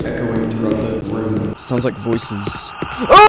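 A man's voice: lowish voice, steady tone, takes it slowly, background noise. A man commentating a horror game, talking in a rambling, jumpy way and yelping when startled. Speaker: gaming YouTuber.

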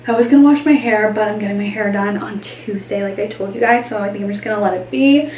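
A woman's voice: mid-range voice, quick pace, darkish tone, reverberant, far from the mic, low-quality recording. A pregnant woman in her twenties, chatting casually in a vlog, gushing over baby clothes with lots of fillers. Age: 20s. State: pregnant, tired. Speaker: vlogger.

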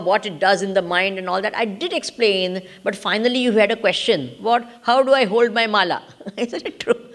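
A woman with an Indian accent giving a spiritual lesson on Vedanta. She often checks in with her listeners, switches into Hindi now and then, and laughs as she explains. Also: a little high. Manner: animated, laughs while explaining. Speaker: spiritual teacher. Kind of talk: Vedanta discourse.

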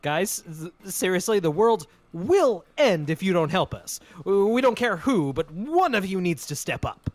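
A man's voice: sits high, sing-song, unhurried, few pauses, no room sound, faint music behind. A man voicing an earnest male agent pleading for help to save the world, with stammering urgency. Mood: urgent.

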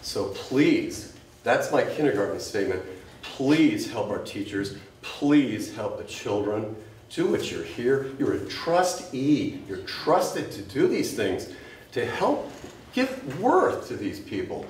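A woman's voice: rumbling low, sing-song, slow, a little mellow, slight background noise. A woman teacher giving an impassioned, scolding public comment at a school board meeting. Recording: echoey room, distant mic.

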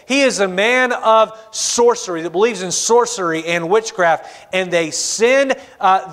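A man's voice: sits high, a bit bright. A man preaching a sermon as pastor, asking the congregation questions and acting out their answers. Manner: asks the congregation questions, acts out their replies. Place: church auditorium. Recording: long church reverb.

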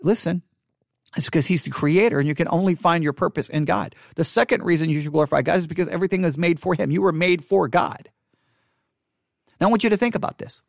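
High-voiced, emphatic male pastor. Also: fast talker, gravelly, dry recording, clean studio sound. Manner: emphatic and repetitive, drops to a hush for quoted thoughts. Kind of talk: sermon-style catechesis teaching.

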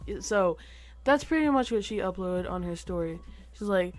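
A teenage boy telling a personal story to camera, halting and rambling with lots of fillers. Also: sits high, lively intonation, faint music behind. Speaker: vlogger.

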